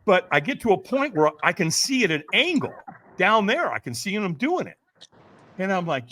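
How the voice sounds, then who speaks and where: A man's voice: sits high, sing-song, moderate pace, pushed and bright. A man, a podcast guest, telling a dramatic story, acting out quotes and often checking in with "right?". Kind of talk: animated storytelling.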